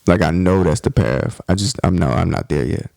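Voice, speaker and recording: A man's voice: low-pitched, moderate pace, gravelly, darkish tone, no echo, studio quality. A man hosting a podcast, talking in a blunt, profane, passionate monologue about faith and self-improvement. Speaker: podcast host.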